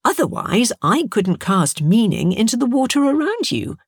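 A woman voicing a kindly female sea creature who poses as Santa Claus and talks in a gentle, agreeable way. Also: on the high side, very animated, moderate pace, slightly rough, dry recording, studio quality, voice pushed up, exaggerated voice.

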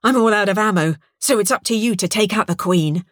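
A woman voicing a brisk, bossy woman soldier who gives clipped, commanding orders. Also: medium pitch, dry recording, studio quality, voice pushed up, lightly acted. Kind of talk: audiobook character voice.

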